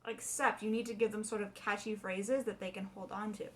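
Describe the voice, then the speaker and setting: A young adult woman voice teacher explaining warm-ups in a chatty way and singing short demonstrations. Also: mid-range voice, little pitch movement, brisk. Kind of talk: casual video lesson.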